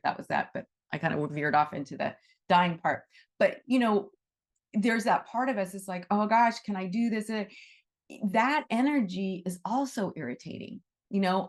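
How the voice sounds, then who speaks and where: A middle-aged woman with a lowish voice teaches her students a talk on animal reiki. She's effusive and animated and tends to repeat her phrases.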